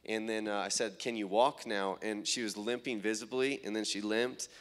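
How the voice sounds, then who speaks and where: A young man, a minister, telling testimony stories from healing meetings, halting with fillers and growing excited as he retells what people said. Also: fairly low pitch. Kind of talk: testimony storytelling.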